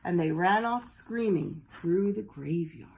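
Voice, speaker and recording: Slow, animated storybook reader woman. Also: fairly low pitch, creaky, slight background noise. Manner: slow, animated read-aloud for kids. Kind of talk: reading a children's picture book aloud.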